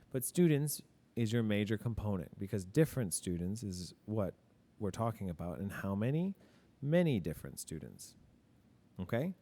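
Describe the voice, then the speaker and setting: A male teacher with a fairly low, dark-toned voice runs a casual grammar lesson, posing questions and answering them himself. He's relaxed about it and readily owns up to his mistakes.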